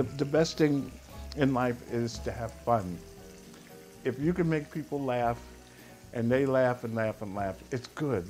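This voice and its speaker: A middle-aged man hosting a cooking show, talking casually and playfully, humming and chuckling as he cooks. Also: medium pitch. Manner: chatty and playful, hums and chuckles while cooking.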